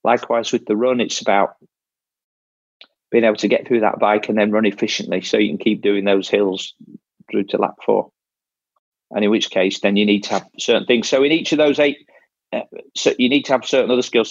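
Man, coach, casual advice, low gravelly voice, husky, dry muffled sound, restarts phrases. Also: steady tone, brisk, dry recording. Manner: restarts phrases often, explains step by step. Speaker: triathlon coach.

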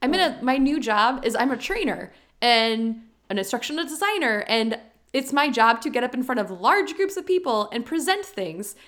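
A woman co-hosting a podcast, earnest and quick when she gets excited, in casual chat. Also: on the high side. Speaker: podcast co-host.

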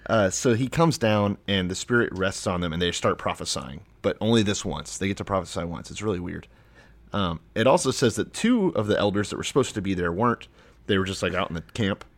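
A man on a comedy podcast, calmly explaining bible passages with dry jokes. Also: sits low, a little fast, no echo. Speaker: podcast co-host. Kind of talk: casual comedic chat.

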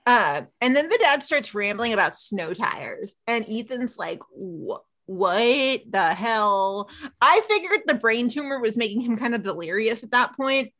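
Retelling a TV episode on her podcast, this host chats casually and acts out each character's dialogue with animation. She speaks a little high, at a moderate pace, barely pausing.

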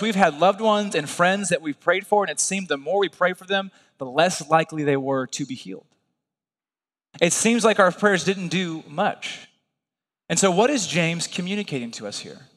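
With a high-pitched voice, this man preaches as a pastor, keeping things folksy, relaxed and conversational while often checking in with the congregation. The recording has a big-room sound.

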